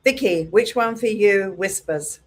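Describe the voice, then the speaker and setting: A middle-aged woman leads a hairdressing class, her voice mid-pitched. She talks in an animated way and jumps into her clients' voices with bright exclamations. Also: unhurried. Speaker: hairdressing educator. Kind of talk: teaching a class.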